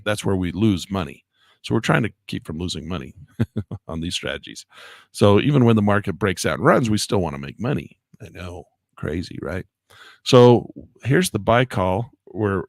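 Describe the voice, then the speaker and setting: Male trading teacher, gravelly and animated, griping at his tools, voice leaping high in exasperation. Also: no echo, studio quality. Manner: chatty, grumbles at software, voice jumps high when exasperated. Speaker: trading instructor. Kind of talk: live trading lesson.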